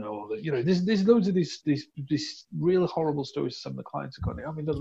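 Man, gravelly husky voice, slightly dull lo-fi sound, casual storytelling. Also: mid-range voice. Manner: animated storyteller, acts out quoted dialogue. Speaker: recruitment business owner. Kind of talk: casual podcast chat.

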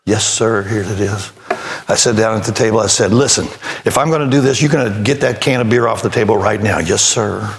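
A man's voice: fairly low pitch, a little fast. An older man preaching a sermon as pastor, telling a story in a folksy way and acting out both sides of the conversation, then rising to emphatic preaching.

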